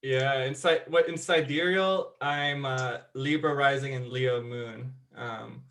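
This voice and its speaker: A man's voice: mid-range voice, steady tone, slow, gravelly, fairly bright tone. A man in a casual group video chat, speaking hesitantly and trailing off. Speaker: group member.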